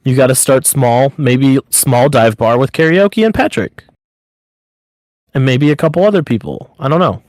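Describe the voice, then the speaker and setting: In a casual podcast chat, a male co-host talks in loose, upbeat, rambling runs packed with "like." His mid-range voice is expressive and a little mellow, at normal speed, with no room sound.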